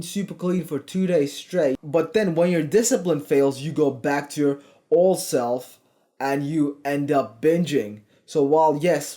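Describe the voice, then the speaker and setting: A man's voice: on the high side, dark tone. A young man, a fitness coach, giving a blunt, profane motivational talk that turns into rants. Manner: blunt, swearing, ranting.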